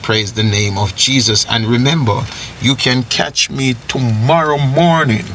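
A man's voice: medium pitch, measured pace, a bit bright, a little hiss or hum. A man leading a radio devotional, reading scripture and praying in a rhythmic preaching cadence with repeated phrases. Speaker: radio minister.

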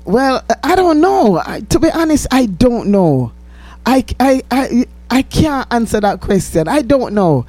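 An easygoing Jamaican woman in her fifties, chatting casually as a guest. Her pitch moves up and down in a lively, animated way, and she is quick to laugh. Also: no room sound. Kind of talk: casual chat.

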